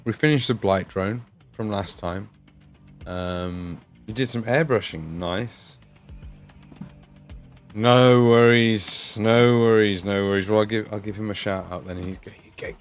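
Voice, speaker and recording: A man with an English Midlands accent, hosting a casual livestream while painting miniatures, chatting, swearing and laughing as he reads the chat. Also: on the low side. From England.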